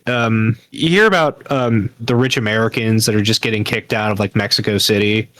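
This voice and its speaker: A man's voice: fairly low pitch, a little fast, fairly bright tone. Hesitant male podcast guest. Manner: hesitant, many fillers and restarts. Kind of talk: casual podcast chat.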